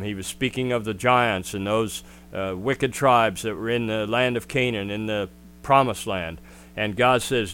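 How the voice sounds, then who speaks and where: A man preaching a sermon in an earnest, direct way, often pausing with "uh". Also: lowish voice, a bit bright, clear, resonant tone. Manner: earnest, with frequent "uh" fillers.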